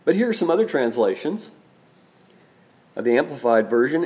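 A man preaching a sermon, speaking in a measured way, slowing down and repeating key phrases for emphasis. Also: mid-range voice, very animated, darkish tone.

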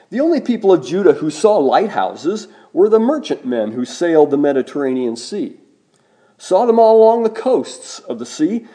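A man preaching a sermon in a slow, emphatic way, with dramatic pauses on key words. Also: on the high side, warm tone. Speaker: pastor.

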